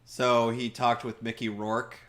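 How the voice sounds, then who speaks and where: Man, let's-play commentary, wry and sarcastic, mid-pitched voice, casual gaming banter. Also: little pitch movement, a little slow, a bit bright. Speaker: gameplay commentator.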